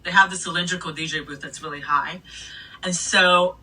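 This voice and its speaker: Bright, husky woman telling DJ stories. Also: on the low side, normal speed. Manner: animated, swears freely, laughs between stories. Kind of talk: casual storytelling interview. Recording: voice a bit distant from the mic.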